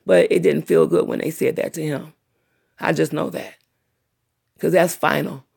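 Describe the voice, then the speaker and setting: A woman's voice: sits low, fairly even intonation, normal speed, creaky, darkish tone, breathy edge. A middle-aged woman hosting her own livestream, talking at length in a blunt, profane, long-winded way. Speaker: channel host livestreaming. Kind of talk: unscripted livestream rant.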